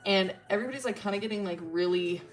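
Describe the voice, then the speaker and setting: A woman's voice: medium pitch, quick pace, faint music behind. Rambling woman streamer telling a story. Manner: rambling, swears a lot, fillers and laughter. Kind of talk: casual storytelling about characters.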